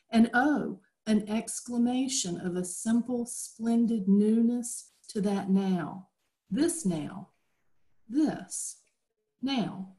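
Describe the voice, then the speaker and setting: Slow Southern woman reading a poem. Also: mid-range voice, mellow. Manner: slow, reflective, lingering on phrases. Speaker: open mic reader. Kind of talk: poetry reading over video call. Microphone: video call.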